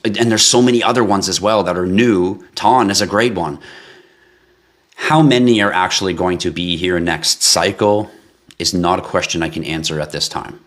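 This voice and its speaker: A man from Canada runs a casual livestream in a somewhat low voice. He swears freely and teases his viewers while reading out their comments. His delivery stays lively and playful throughout. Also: normal speed. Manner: profane, teasing, animated. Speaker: crypto livestream host.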